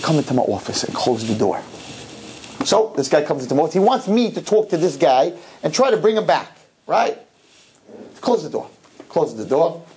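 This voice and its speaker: A man's voice: on the high side, a little mellow, slight background noise, rough recording. A man speaking as a rabbi, telling a story to a live audience and acting out both sides of the conversation in shifting voices.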